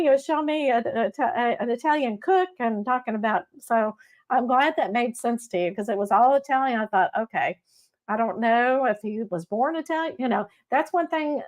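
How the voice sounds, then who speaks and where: A middle-aged woman with a Texas accent, a medium hosting a casual live-stream reading. She talks in a chatty, warm-hearted way and often checks in with "okay?". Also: on the high side. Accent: Texan. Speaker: psychic medium host.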